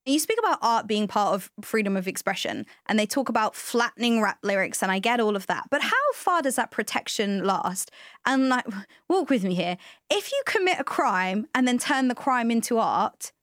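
A woman with a fairly high voice hosts a casual chat, throwing out lively, curious questions. Her sound is dry and close to the mic. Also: moderate pace, no echo. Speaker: podcast host. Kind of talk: casual discussion.

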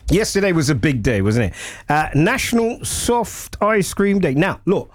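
Lively chatty older man. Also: a little high, normal speed, no echo, studio quality. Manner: chatty, laughing, animated storytelling. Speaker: radio host. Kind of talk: casual chat.

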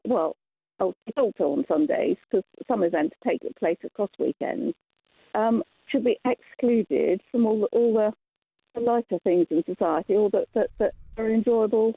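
A woman's voice: a little high, expressive, normal speed, husky, no room sound. A woman calling in to a radio show, speaking forthrightly with some hesitant fillers over a telephone line. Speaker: caller. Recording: tinny phone line.

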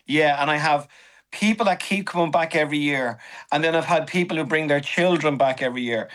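A middle-aged man, a comedian guest, telling animated anecdotes on a radio show and acting out the quotes. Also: fairly high pitch, fairly quick, poor audio. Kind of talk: storytelling radio interview.

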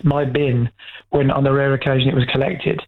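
A man's voice: medium pitch, fairly even intonation, fairly quick, gravelly. Man calling in over a tinny phone line. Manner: frank, rambling with restarts. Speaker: radio phone-in caller. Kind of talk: candid phone-in call.

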